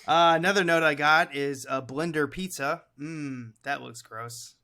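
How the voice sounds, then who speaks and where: A man's voice: fairly high pitch, unhurried, pushed and bright. A man co-hosting a casual movie review podcast, loose and profane, often rambling. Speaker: podcast co-host.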